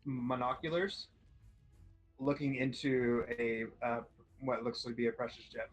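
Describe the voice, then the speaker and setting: A man narrating as game master of a tabletop game, talking slowly and hesitantly with many fillers. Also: medium pitch, steady tone, poor audio. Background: faint background music.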